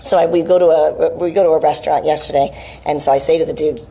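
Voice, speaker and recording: Low husky woman telling a chatty story. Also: steady tone, quick pace, mellow. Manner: chatty, digressive, lots of "right?" asides. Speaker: health and wellness vlogger. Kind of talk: casual storytelling monologue.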